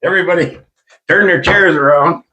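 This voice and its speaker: Older guy hosting a podcast, animated storyteller, laughs a lot between stories. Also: high voice, brisk, noisy background. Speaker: podcast host. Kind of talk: casual storytelling.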